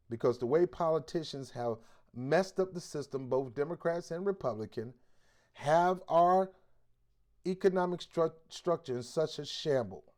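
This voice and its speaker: A male host giving preachy commentary in a forceful, exhorting way, with blunt street slang. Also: medium pitch.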